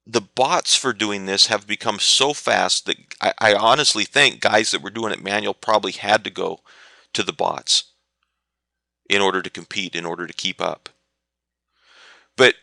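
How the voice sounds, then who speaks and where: Guy teaching trading on a webinar, kinda low voice but really sharp and punchy, dry sound. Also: dry recording. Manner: explanatory, anecdotal, answers viewer questions. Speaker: trading educator.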